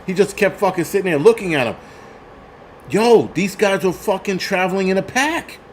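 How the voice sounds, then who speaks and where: A man hosting a livestream, telling a story in a profane, animated rant and thanking viewers. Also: high-pitched, moderate pace, slight background noise. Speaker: host.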